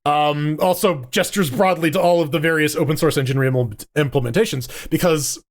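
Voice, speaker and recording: A man's voice: on the high side, fairly even intonation, brisk. A man co-hosting a casual gaming podcast, rambling along with frequent restarts and casual swearing. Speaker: podcast co-host. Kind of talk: casual gaming news chat.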